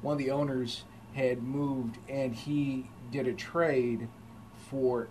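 A man's voice: mid-range voice, takes it slowly, low-quality recording. A man, a podcast guest, telling stories and acting out quotes. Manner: animated storyteller, acts out quotes. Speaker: podcast guest, cigar shop manager. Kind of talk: casual podcast chat. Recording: faint background noise.

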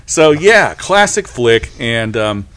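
A man's voice: mid-range voice, big pitch swings, slow pace, crowd noise. A man hosting a podcast, upbeat and laughing easily in casual chat. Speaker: podcast host.

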